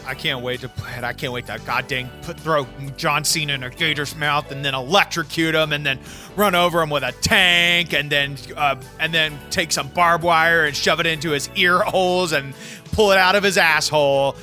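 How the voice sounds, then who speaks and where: A man's voice: on the high side, fairly even intonation, moderate pace, pushed and bright, soft background music. A man co-hosting a comedy wrestling podcast in a brash, rambling, profane persona. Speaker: podcast co-host.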